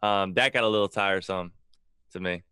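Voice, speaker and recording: A man co-hosting a casual music reaction chat, relaxed and thoughtful, often hedging his views. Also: low voice, brisk, smooth, no echo, clean studio sound.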